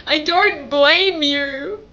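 High-voiced tearful young woman, slow. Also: pushed and bright, muffled recording. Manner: tearful and pleading, voice breaking. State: crying at times. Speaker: vlogger. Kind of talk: emotional direct-to-camera message.

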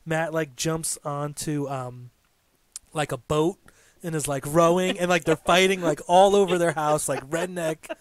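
Excitable young man rambling about wrestling. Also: a little high, a little slow, no room sound. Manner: excitable storyteller, heavy "like" filler. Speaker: let's-play co-host. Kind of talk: casual gaming chat.

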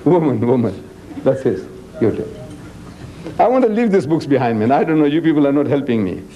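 A man with a South African accent giving a religious lecture to a live audience. He acts out dialogues, teases the crowd and recites Arabic scripture quickly between English lines. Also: mid-range voice, very animated, warm tone, highs cut off. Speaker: Islamic preacher and lecturer.

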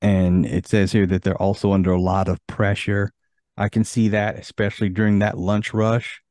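A man's voice: on the low side, little pitch movement, moderate pace, a little mellow, no room sound. Easygoing man hosting a podcast. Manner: easygoing, reads from an article. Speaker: podcast host. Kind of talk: casual podcast chat.

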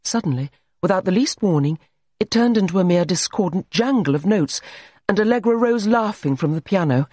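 A man's voice: sits high, expressive, a little fast, darkish tone, no echo, clean studio sound. A man narrating a story in a scripted, dramatic reading style. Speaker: audiobook narrator.

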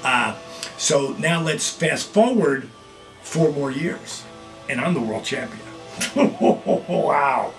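A middle-aged man hosting his own video blog, telling casual stories with lively acted-out quotes. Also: a little high, slow pace, soft background music. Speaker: vlog host, former wrestler. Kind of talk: casual storytelling.

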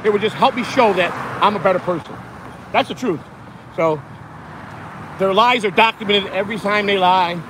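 A man's voice: sits high, moderate pace, long pauses, fairly bright tone, slight background noise. A man hosting a livestream, ranting angrily and profanely while walking outside on his phone. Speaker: host. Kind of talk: angry livestream rant. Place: outdoors, walking in hot sun.

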